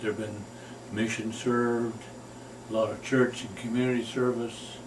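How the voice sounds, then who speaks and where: A man's voice: mid-range voice, little pitch movement, measured pace. An older man directing a home movie, coaching line readings and recording his own takes. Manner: coaching, repeating takes, gravelly. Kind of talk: directing and rehearsing lines. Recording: echoey room, distant mic, faint noise.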